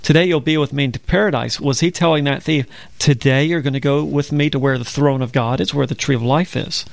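Male Bible-show co-host, gravelly, dry close sound, conversational teacher. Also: mid-range voice, fairly quick, no room sound. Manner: conversational storytelling, explains scripture step by step. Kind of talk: religious broadcast discussion.

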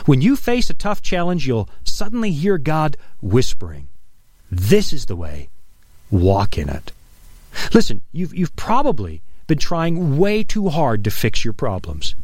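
A middle-aged man preaching an earnest, emphatic radio sermon, dropping his voice low on key phrases. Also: a little mellow, dry recording. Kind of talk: broadcast sermon.

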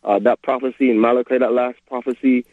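A man calling in to a radio show, asking a question in a halting way. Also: medium pitch, flat delivery, no echo. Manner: hesitant, halting with ums. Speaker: caller. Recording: tinny phone line, dry.

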